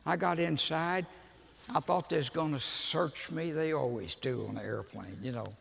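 An older man, preaching as a folksy, animated storyteller who laughs at his own jokes. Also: fairly high pitch, moderate pace, gravelly. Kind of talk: storytelling sermon. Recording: echoey hall with long reverb.

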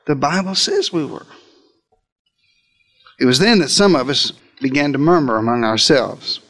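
With a fairly bright tone and lively intonation at normal speed, a male preacher acts out a story from the pulpit as if he'd witnessed it. He speaks directly to his audience, theatrically changing pitch and pace to drive points home.

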